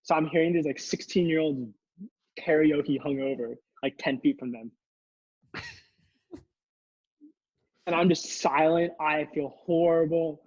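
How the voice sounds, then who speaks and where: A young man with a fairly high voice tells a rambling, laughing story on a podcast, restarting his sentences often. His mic sounds dry and a little dull. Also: a little slow, long pauses, darkish tone, no echo. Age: young adult. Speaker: podcast co-host. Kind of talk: casual storytelling chat.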